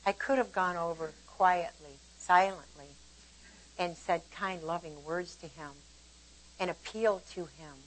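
An older woman giving a casual devotional Bible teaching, conversational and animated as she explains verses and tells stories from her own life. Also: fairly low pitch, rough recording. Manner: conversational and animated, shifting between warm explanation and lively retelling.

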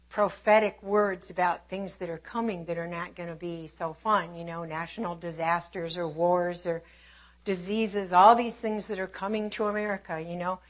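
A woman preaching a sermon with an opening prayer, fervent and emphatic, swinging between hushed and forceful delivery. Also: fairly low pitch, steady tone, normal speed.

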